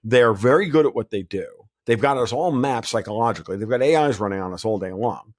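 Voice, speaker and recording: A man's voice: on the low side, quick pace, darkish tone. A man talking as a guest in a casual podcast interview, blunt and rambling, often restarting his sentences. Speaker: guest commentator.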